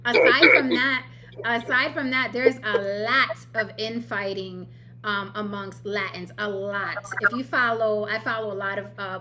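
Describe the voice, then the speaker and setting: A woman from New York hosting a casual livestream panel chat, blunt and quick to laugh, swearing freely. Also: medium pitch, noisy background. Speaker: host.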